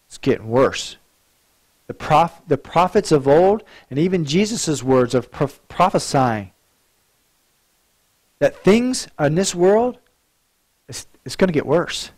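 A man's voice: on the high side, a little mellow. A male pastor preaching a sermon in an earnest way, often repeating words as he restarts a thought.

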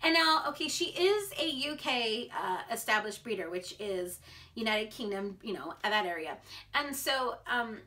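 A woman's voice: a little high, animated, unhurried, pushed and bright. An American woman vlogging in a bubbly, chatty way, full of filler words. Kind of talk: casual chat to camera.

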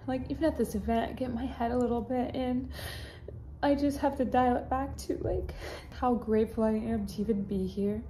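A woman's voice: fairly high pitch, fairly even intonation, moderate pace, warm tone, slight background noise. Teary young woman on a phone mic. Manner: gushing, heavy use of "like". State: teary, crying voice. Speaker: fitness influencer. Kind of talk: casual vlog confession.

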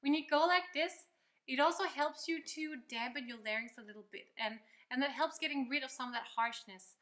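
A woman's voice: sits high, a little fast, bright, forceful tone. A woman teaching a singing lesson, explaining step by step in an upbeat, encouraging way. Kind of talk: vocal lesson with demonstrations. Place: loud location, not a quiet studio.

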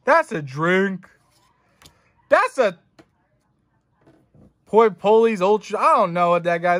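A young male streamer opens trading cards, chatting to viewers in a rambling, jokey, profane manner. He speaks slowly in a high, expressive, somewhat bright voice, pausing often.

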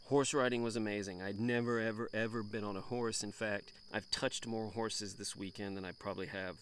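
A middle-aged man chatting through a casual camping vlog outdoors on a farm, rambling and relaxed. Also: on the low side, fairly quick. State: out of breath. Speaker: camping vlogger. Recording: outdoor noise, birds and animals.

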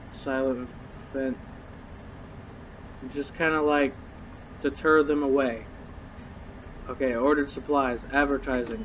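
A man's voice: fairly high pitch, a bit bright, highs cut off. Young man, horror game commentary, jittery muttering, cursing, faint background hiss. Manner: jittery, swearing, muttering nervously to himself. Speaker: gamer.

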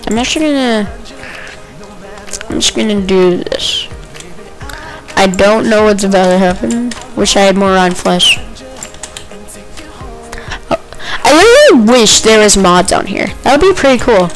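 A woman giving chatty, excitable commentary while playing a video game, with quick outbursts. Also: medium pitch, soft background music, poor audio. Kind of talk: casual gameplay commentary.

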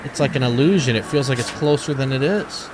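A young man giving excitable, cursing let's-play commentary while thinking aloud. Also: mid-range voice, a little fast. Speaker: gaming channel host. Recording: game music behind.

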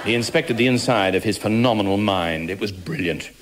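A man narrating a spoof thriller in a 1980s radio comedy sketch, in a pompous, self-flattering manner, on an old noisy broadcast recording. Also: fairly low pitch, brisk, a crowd in the background.

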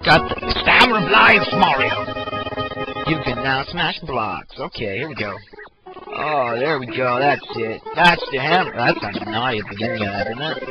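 A young man giving excitable, jokey let's play commentary with sudden shouty outbursts, recorded on a cheap home mic. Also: medium pitch, moderate pace. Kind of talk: gameplay commentary. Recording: dull lo-fi mic, loud game music.

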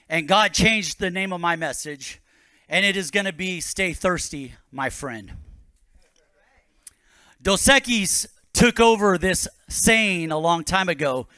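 A man's voice: sits high, bright, forceful tone, clean tone, dry recording. A man, a pastor, preaching a sermon to his congregation with rising bursts of energy.

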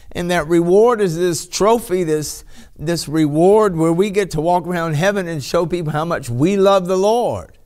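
A man preaching a sermon, speaking slowly with many restarts and breaking into ecstatic shouts of praise. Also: high-pitched. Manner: bursts into ecstatic shouts and hallelujahs; slow, halting delivery with many restarts.

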